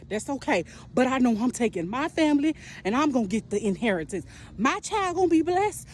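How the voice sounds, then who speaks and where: Lively, rhythmic woman preaching prophetically. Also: high-pitched. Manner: rhythmic, repetitive preaching, calls listener "baby", laughs between lines. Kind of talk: impassioned prophetic sermon.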